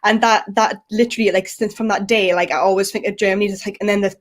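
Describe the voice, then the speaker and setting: A woman's voice: mid-range voice, steady tone, quick pace. A woman co-hosting a casual football chat, talking chattily with lots of "like" fillers and frequent giggles. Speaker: co-host.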